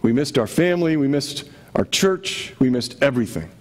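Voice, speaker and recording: A man's voice: medium pitch, lively intonation, normal speed. A man preaching a sermon to his congregation in a conversational way, often asking rhetorical questions. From Connecticut. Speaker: pastor.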